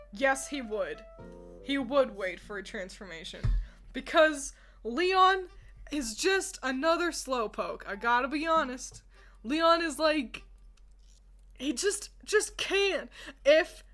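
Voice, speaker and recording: A young woman streamer in casual chat with her viewers. She keeps breaking into giggles, and her voice sits fairly high with an unhurried, drawn-out pace. Faint music plays in the background. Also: a bit bright. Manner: giggly, laughs often, talks to chat. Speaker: streamer ranking characters.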